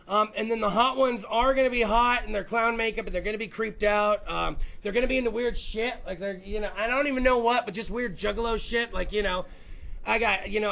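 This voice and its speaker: A man's voice: sits high, gravelly, fairly bright tone. A man hosting a podcast, rambling through a crude, profane, jokey comedic rant. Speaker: podcast host.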